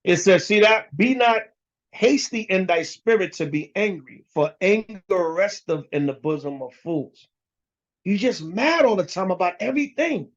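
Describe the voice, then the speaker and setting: A man's voice: high voice, animated, a little slow. A man preaching a casual, slangy scripture lesson, blunt and emphatic, talking straight to his listeners. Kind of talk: casual street-style sermon. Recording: dull lo-fi recording.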